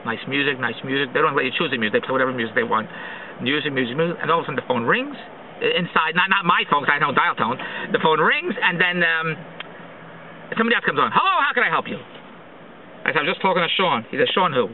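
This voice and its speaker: Exasperated man ranting fast, sarcastic, on a tinny phone-quality recording. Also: a little high, a little hiss or hum. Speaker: vlogger. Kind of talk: ranting monologue.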